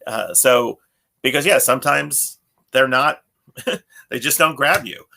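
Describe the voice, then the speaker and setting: A man's voice: medium pitch, slow, creaky, pushed and bright. A man in his thirties co-hosting a podcast, rambling in casual chat, often restarting his sentences and laughing. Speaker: podcast co-host.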